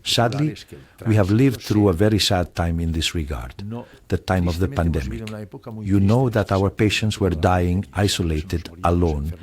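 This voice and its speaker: An older man from Spain, a retired surgeon, answering interview questions in a calm, earnest, reassuring way. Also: sits low, moderate pace.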